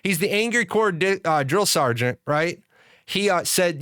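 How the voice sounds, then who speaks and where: A man's voice: high voice, lively intonation, measured pace, a bit bright, clear, resonant tone, dry recording, studio quality. A man streaming live, ranting with lots of swearing and frequent restarts as he talks to his chat. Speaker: gaming streamer. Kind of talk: profane live-stream rant.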